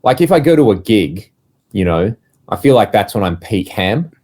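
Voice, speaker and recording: Guy, low register, casual co-host, animated anecdotes with acted-out quotes. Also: moderate pace. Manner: animated storyteller, acts out quoted voices. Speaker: podcast co-host, touring musician. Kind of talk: casual chat.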